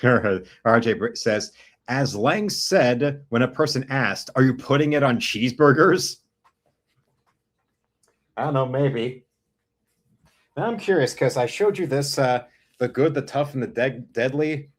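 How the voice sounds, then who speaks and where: A man's voice: medium pitch, lively intonation, measured pace, long pauses. A man with a mid-range voice hosts a casual stream. He jokes with his friends and reads a film review aloud at an easy pace. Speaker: host of an art stream.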